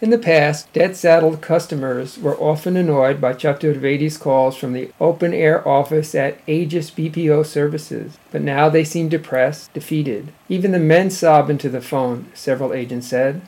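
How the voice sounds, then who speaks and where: Man reading news on radio, mellow voice. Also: on the high side, fairly even intonation. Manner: measured, formal reading. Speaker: radio show host. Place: radio studio.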